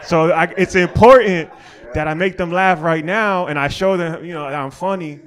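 A man's voice: a little high, steady tone, a little fast, a bit bright. Slangy young man doing stand-up. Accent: American. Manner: loose, slangy, laughs at own jokes. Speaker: stand-up comedian and host. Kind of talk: stand-up crowd work. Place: small outdoor alley show with an audience. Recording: live show, crowd laughter behind.

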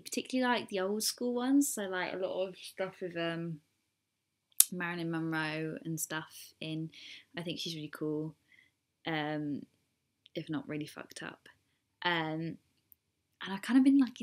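A young woman vlogging casually to camera, rambling and self-deprecating, now and then trying an American accent on single words. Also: on the low side. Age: young adult. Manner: jokey, attempting an American accent on odd words.

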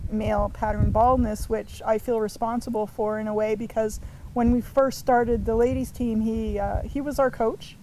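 A woman from Canada, a ladies team player, chatting in an interview and telling stories in an animated way. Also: on the high side, a little hiss or hum, low-quality recording.

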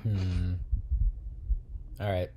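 A young man co-hosting a gaming livestream, chatting casually while he plays and joking with a deadpan, dry manner. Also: sits low, extremely slow. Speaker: co-host playing the game on stream.

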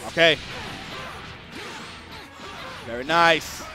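A man doing live commentary on a fighting game match, excitable and swearing freely, breaking into shouts. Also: fairly high pitch, very slow, over music.

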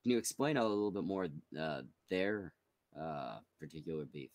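A man's voice: low-pitched, expressive, moderate pace, a little mellow, no room sound. A man co-hosting a podcast, stammering and exasperated in casual chat. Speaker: podcast co-host.

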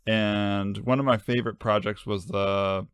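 Low-voiced man in a dry room. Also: fairly even intonation, measured pace, smooth, dry recording. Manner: reads his own melodramatic story aloud, breaking into laughter. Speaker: podcast co-host. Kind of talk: casual sibling podcast chat.

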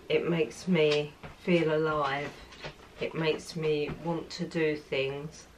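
Woman, sixties, low voice, unhurried, soft-spoken chatty vlog, faint background hiss. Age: 60s. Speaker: lifestyle vlogger. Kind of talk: casual vlog chat.

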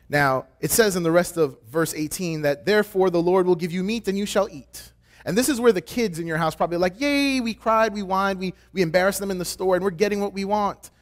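A man serving as a pastoral intern delivers a sermon in a conversational, joking manner, acting out quoted voices with big swings in pitch.

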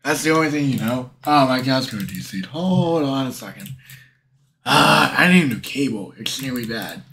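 A man's voice: mid-range voice, animated, normal speed, creaky, fairly bright tone, a little hiss or hum. A man streaming live, chatting casually in a tired, rambling way and stumbling over his words.

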